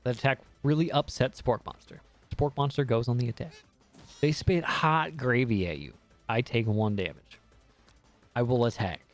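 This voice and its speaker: A man's voice: medium pitch, moderate pace, faint music behind. A man streaming a dating game, reading the text aloud with jokey, swearing commentary. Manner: animated, jokey, swears freely.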